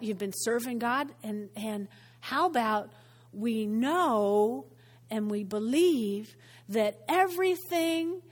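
A woman pastor preaching a sermon in a church, animated and conversational, often asking the congregation questions. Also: a little high. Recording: long church hall reverb.

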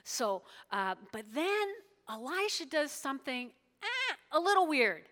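A woman pastor retelling a story in a sermon, lively, with asides and check-in questions, in an echoey hall. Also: high voice, a little slow.

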